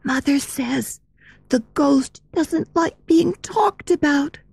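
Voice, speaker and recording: A woman reading aloud and voicing a frightened, secretive young ballet girl in a high, hushed voice. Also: unhurried, gravelly, no room sound, heavily acted. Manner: hushed, urgent, fearful.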